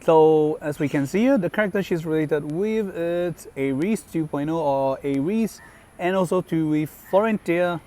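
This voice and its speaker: A man hosting a gaming channel, chatting casually about a character's voice lines. He speaks haltingly, with many fillers and self-corrections. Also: on the high side, mellow. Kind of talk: casual commentary on game voice lines.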